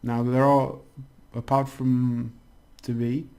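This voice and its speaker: A man's voice: medium pitch, flat delivery, takes it slowly, warm tone. A man giving a casual language lesson, chatty and rambling with many restarts. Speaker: language teacher.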